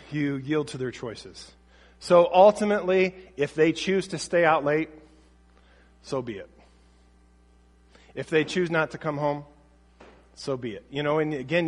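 In a large hall, a parenting teacher with a fairly high-pitched voice talks casually about raising kids. He keeps it conversational and acts out dialogue as he quotes it.

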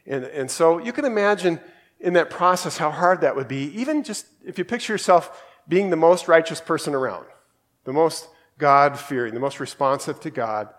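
Conversational man preaching, slightly high voice. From Australia. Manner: conversational, acts out quoted voices, reads scripture aloud. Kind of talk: casual sermon talk.

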